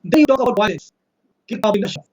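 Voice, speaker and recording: A man with an Indian accent arguing in a fast, insistent debate monologue, citing verses and repeating his points. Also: high voice, lively intonation, crowd noise, poor audio. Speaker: religious debater.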